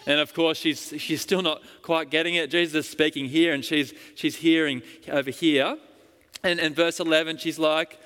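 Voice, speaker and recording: A man's voice: fairly high pitch, steady tone, moderate pace, sharp tone, smooth. A male preacher retelling a story in a sermon, emphatic, with frequent restarts. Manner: storytelling, emphatic, with repeated starts. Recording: long hall reverb.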